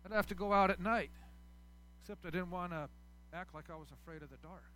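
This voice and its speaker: A pastor delivering a sermon to his church, swinging between loud preaching and soft, quiet asides. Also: high voice, a little fast, slight background noise.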